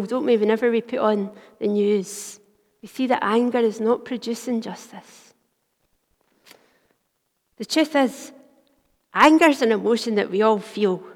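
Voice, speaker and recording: A woman preaches a sermon in a church, her voice carrying a gravelly edge of vocal fry. She tells the story earnestly and drops to a hush for quoted words. A long reverb trails behind her in the church. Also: a little high. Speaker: minister.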